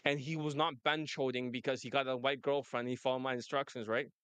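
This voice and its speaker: A man's voice: medium pitch, flat delivery, a little fast, fairly bright tone, clear, resonant tone, no echo. A man coaching on dating, talking brashly and laughing often in casual chat. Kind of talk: casual monologue and phone call.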